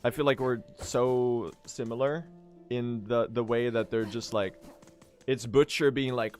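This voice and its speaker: A man's voice: medium pitch, steady tone, normal speed, soft background music. A young man streaming a game speedrun, chatting casually in a rambling, self-deprecating way and laughing often.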